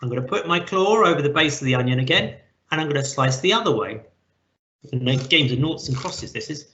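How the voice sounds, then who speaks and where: A man's voice: a little high, expressive, quick pace, fairly bright tone. A man giving a patient, step-by-step live online cooking lesson to children from a kitchen. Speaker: cookery teacher. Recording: echoey, slightly dull audio.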